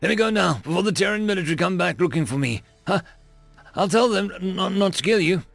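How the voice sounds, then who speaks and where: A man's voice: high-pitched, animated, a little fast, gravelly, a bit bright, no echo, faint music behind, pitched above the performer's own voice, heavily acted. A man voicing a timid, plump alien patrolman who stammers and whimpers, in a storybook reading. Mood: panicked.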